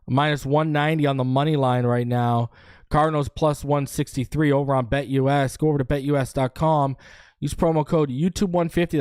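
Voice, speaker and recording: A man hosting a sports show, chatting casually on a live stream, loose and jokey, rambling through shout-outs and a sponsor read. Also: mid-range voice, clear, resonant tone.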